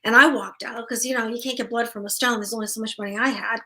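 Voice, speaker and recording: A woman's voice: a little high, steady tone, fast talker, sharp tone. A middle-aged woman from New Hampshire, a guest telling her story casually in an interview, acting out the voices she quotes. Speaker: guest, asylum owner.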